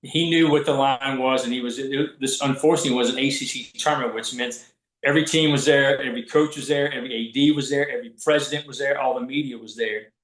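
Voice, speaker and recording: A man's voice: medium pitch, fast. Guy spinning ref stories, does all the voices, kinda echoey room. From Southwest Virginia. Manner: animated, acts out quoted voices. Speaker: guest, college basketball referee. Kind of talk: casual storytelling.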